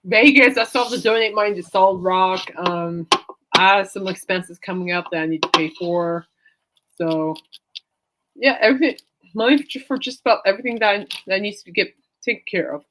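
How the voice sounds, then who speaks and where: A woman's voice: medium pitch, moderate pace, fairly bright tone, a little hiss or hum. A woman hosting a casual chat show, rambling and giggling as she tells everyday stories. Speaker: podcast host.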